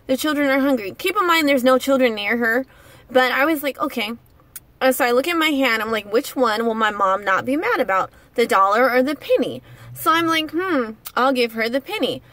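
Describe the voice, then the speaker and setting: A woman's voice: high-pitched, animated, a little fast, a bit bright, no echo. A young woman vlogger telling a story to camera in a casual, indignant rant.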